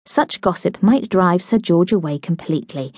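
A woman narrating a novel in an audiobook, with a measured, even storytelling manner. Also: lowish voice, dry recording, clean studio sound. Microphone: close studio mic.

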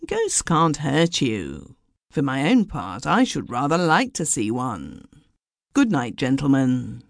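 A woman voicing a cheerful, unflappable old gentleman who talks briskly and dismissively. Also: extremely low pitch, very animated, gravelly, no room sound, studio quality, heavily acted.

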